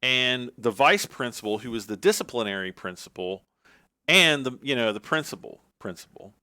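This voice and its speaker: Bright-voiced man telling a rambling story. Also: medium pitch, animated, normal speed, smooth, dry recording. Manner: rambling, full of "like" and restarts. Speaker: livestream gamer telling a story. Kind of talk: casual storytelling on a livestream.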